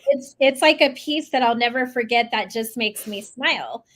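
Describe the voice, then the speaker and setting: A woman's voice: a little high, normal speed, fairly bright tone. A woman hosting an interview, affirming and encouraging her guest. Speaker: host. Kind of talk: casual interview.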